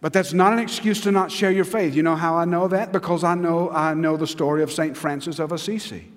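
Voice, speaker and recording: A man's voice: a little high, fairly even intonation, a little fast. A man, preaching an earnest, emphatic sermon as a pastor in a church sanctuary. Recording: long church reverb.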